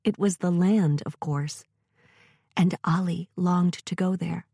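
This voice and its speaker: Storybook narrator, woman, mellow, slightly husky, measured pace. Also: on the low side, steady tone, no room sound, studio quality.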